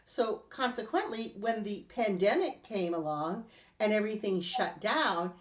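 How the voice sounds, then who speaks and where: A middle-aged woman hosting a casual podcast chat, telling animated stories and laughing often. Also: mid-range voice, unhurried, lo-fi sound. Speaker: podcast host.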